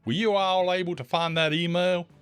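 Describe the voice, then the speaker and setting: Casting: man voicing a sweetly polite Southern young mom with an Oklahoma drawl who won't back down, high and sing-song. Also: fairly even intonation, normal speed, a bit bright, clear, resonant tone, no echo, soft background music. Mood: sugary polite. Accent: put-on Oklahoma Southern. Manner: sugary politeness turning blunt. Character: polite but firm young mother, faux Southern drawl.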